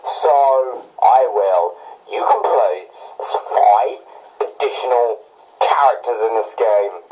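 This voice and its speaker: A man's voice: mid-range voice, slow pace, a little mellow, echoey room, poor audio. A young man giving a sarcastic, exclaiming review of a video game. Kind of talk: casual game review commentary.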